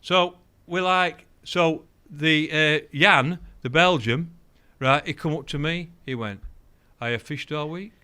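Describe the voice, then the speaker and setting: An older man, a guest telling fishing stories in an animated way, acting out the voices of the people he quotes. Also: a little high, slow, hardly any pauses, clear, resonant tone. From England. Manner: animated, acts out quoted voices, laughs often. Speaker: guest, angling champion. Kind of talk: anecdotal storytelling.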